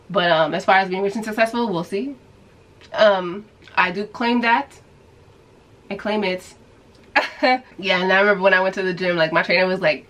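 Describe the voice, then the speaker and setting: A woman from New York telling a story to her viewers in a casual, animated way, acting out the people she quotes. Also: mid-range voice, normal speed, pauses often, poor audio. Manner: animated storyteller who acts out quoted voices. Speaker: vlogger.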